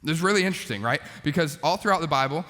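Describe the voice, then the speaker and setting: A man's voice: on the high side, rapid-fire. Man preaching in an echoing hall. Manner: conversational, animated preaching with asides. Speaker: youth pastor. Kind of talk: sermon to students. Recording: long hall reverb.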